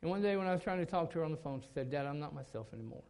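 Middle-aged pastor preaching with emphatic storytelling. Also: male voice, a little high, lively intonation, rapid-fire. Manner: storytelling, rising to loud emphatic peaks. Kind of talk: sermon.

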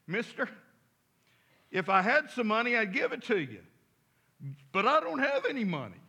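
A man's voice: very high voice, very animated, moderate pace, bright, forceful tone, breathy edge, pitched above the performer's own voice, exaggerated voice. A preacher voicing an earnest, nervous teenage boy who is a new believer. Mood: protesting. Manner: earnest, eager.

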